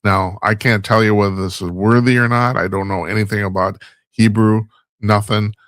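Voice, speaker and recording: A man's voice: fairly low pitch, fairly even intonation, moderate pace, a bit bright, no echo. A man hosting a talk show, delivering a rambling, wry monologue and laughing at his own stumbles. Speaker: radio talk show host. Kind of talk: casual monologue commentary.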